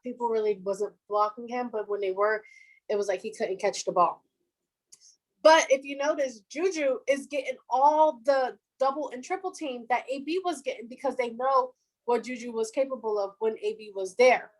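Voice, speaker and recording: A young woman in her twenties chats about football on a casual podcast. Her voice sits somewhat high, and she talks in a loose, animated way, laughing often. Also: moderate pace, low-quality recording. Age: 20s. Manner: fan of the team, says "our defense". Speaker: podcast co-host. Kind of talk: casual sports chat.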